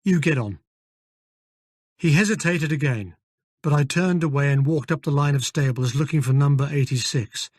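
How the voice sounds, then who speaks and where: Man reading a first-person story, measured and even, slightly high pitch. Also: no room sound. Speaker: audiobook narrator. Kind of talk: scripted first-person narration. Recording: dry close studio recording.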